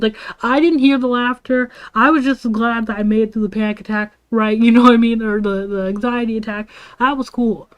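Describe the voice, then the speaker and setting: A woman's voice: fairly high pitch, steady tone, a little fast, hardly any pauses, clear, resonant tone, highs cut off. A young woman livestreaming, rambling through school stories with laughs and lots of "like" and "bro". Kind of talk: casual storytelling to a live chat.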